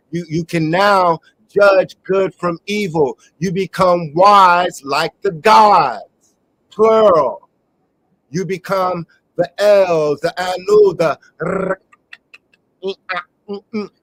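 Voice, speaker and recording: A man's voice: high voice, rough recording. A man hosting a live online talk show, delivering a rambling, emphatic monologue. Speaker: host.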